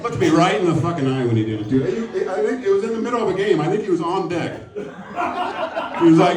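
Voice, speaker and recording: A man's voice: high-pitched, animated, a little fast, darkish tone. A middle-aged man doing a stand-up comedy set, dry, self-mocking and profane. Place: comedy club stage before a live audience. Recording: roomy live club sound, mic at a distance, audience laughter. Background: audience laughing.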